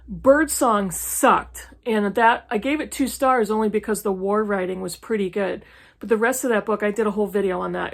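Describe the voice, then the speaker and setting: A woman's voice: medium pitch, creaky. A woman in her fifties from New England, chatting frankly through a list of questions with sarcastic asides. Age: 50s. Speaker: book YouTuber. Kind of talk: casual chat answering tag questions. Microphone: camera mic, reading from an e-reader.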